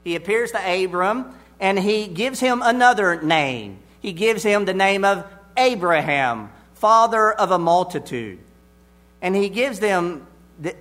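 A man preaching an expository sermon, deliberate and emphatic, repeating his key phrases. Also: high-pitched, fairly bright tone.

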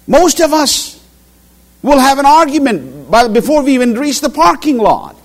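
A man's voice: extremely high pitch, moderate pace. A middle-aged man preaching a sermon, telling stories and acting out quotes. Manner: animated storytelling with acted quotes.

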